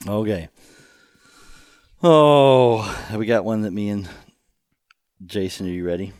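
Man, podcast host, storytelling, lively pitch, dry close sound. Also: takes it slowly, clean tone, dry recording. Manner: laughing, rambling, storytelling. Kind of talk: casual podcast chat.

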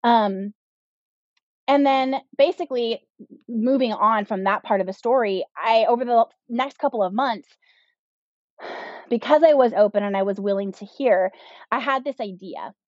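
A woman in her thirties speaks as a podcast guest, sharing her own story in a candid way. She leans on "like" and "um" as she talks, and her voice sits a little high. The recording is dry and slightly dull. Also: a little slow, pauses often, darkish tone, no echo. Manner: candid, with frequent "like" and "um" fillers. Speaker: podcast guest, business owner. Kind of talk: personal storytelling in an interview.

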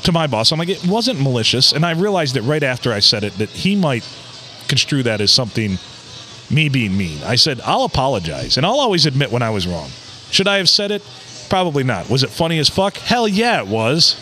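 Animated, swearing male podcast co-host. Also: a little fast, soft background music. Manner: animated, profane, swings from high excited to low mutter. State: has a cold. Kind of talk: casual podcast banter. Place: bar.

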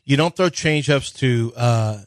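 A man co-hosting sports radio, breaking down pitching in an analytical way. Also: a little slow, no room sound. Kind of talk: casual sports talk.

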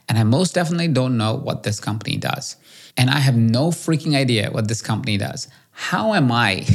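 Guy hosting his podcast, telling his own story all animated and poking fun at himself. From India. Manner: animated, self-mocking, quick shifts in pitch. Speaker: podcast host. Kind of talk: solo storytelling episode.

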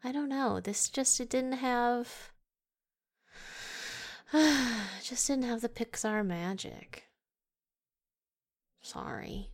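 A woman in casual podcast chat reviewing a movie, wry and quick to laugh. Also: fairly high pitch. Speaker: podcast co-host.

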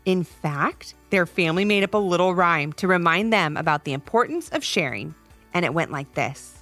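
A woman narrating a children's story podcast in an expressive read-aloud manner. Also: lowish voice, normal speed, soft background music.

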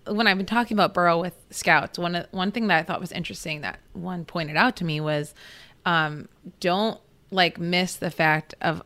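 A woman's voice: on the low side, a bit bright. A woman football reporter on a podcast, telling stories in a chatty, casual way with many fillers and restarts. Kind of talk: casual chat.

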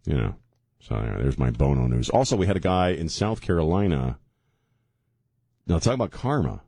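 Deep-voiced sarcastic radio talk host man. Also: big pitch swings, fairly quick, creaky, warm tone, dry recording. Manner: sarcastic, joking, rambling. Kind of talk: casual talk radio banter. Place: radio studio. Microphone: studio microphone.

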